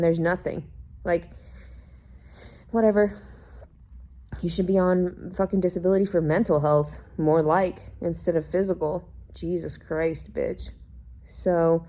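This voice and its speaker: A woman's voice: fairly low pitch, dark tone. A woman venting in an angry, profanity-laced personal monologue from a hotel room, congested and unwell. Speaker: vlogger.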